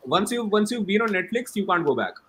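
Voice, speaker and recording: A man's voice: high-pitched, very animated, a little fast, pushed and bright, husky. A man on a comedy panel, eagerly jumping in to agree and add jokes in casual chat.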